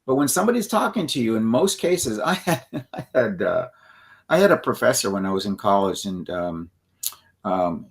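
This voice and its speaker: A middle-aged man co-hosting an instructional conversation, explaining with frequent restarts and checking in with "okay?". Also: fairly low pitch. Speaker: co-host.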